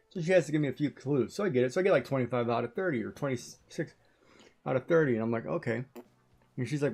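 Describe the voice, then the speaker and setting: Man, gravelly voice, mid pitch, rambling animated storytelling, casual stream chat. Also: quick pace. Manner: rambling, animated retelling with asides.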